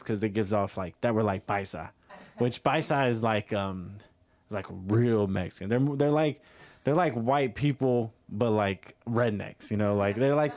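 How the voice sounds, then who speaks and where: A man's voice: mid-range voice, darkish tone, clear, resonant tone. Young man rambling through a stand-up story. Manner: rambling, filler-heavy, laughs at own story. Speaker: stand-up comedian. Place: comedy club open mic.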